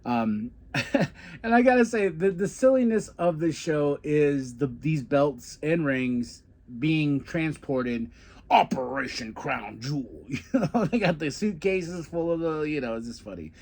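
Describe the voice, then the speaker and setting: A man's voice: fairly high pitch, a little slow. A man hosting a podcast, chatting casually through a wrestling recap and acting out quotes. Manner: chatty, fan-like, quotes wrestlers in animated bursts. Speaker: podcast host.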